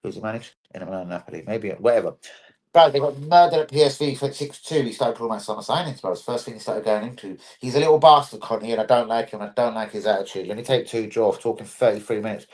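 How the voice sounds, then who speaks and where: A man's voice: on the low side, fast talker, a little mellow. A man hosting a live football stream, chatting casually, bluntly and with a lot of swearing.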